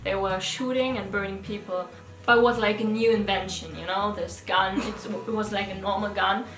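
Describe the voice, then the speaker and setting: A young woman casually recounting a dream, relaxed and a little hesitant. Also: mid-range voice, normal speed. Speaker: co-host. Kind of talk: casual storytelling. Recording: echoey room with music. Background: background music.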